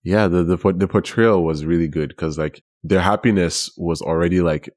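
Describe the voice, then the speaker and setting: A man co-hosting a casual podcast chat, relaxed and laughing easily. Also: low-pitched, normal speed. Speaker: podcast co-host.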